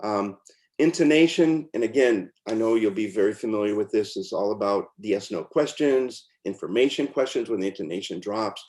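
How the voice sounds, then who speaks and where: A man demonstrating lessons on screen as a teacher. His voice sits a little low. He talks informally, with many fillers and restarts. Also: animated, normal speed, darkish tone. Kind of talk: screen-share walkthrough.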